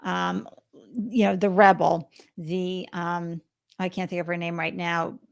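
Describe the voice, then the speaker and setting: Gravelly-voiced woman podcast host. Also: fairly low pitch, little pitch movement. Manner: chatty, reacting with quick interjections and advice to listeners. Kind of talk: casual interview chat.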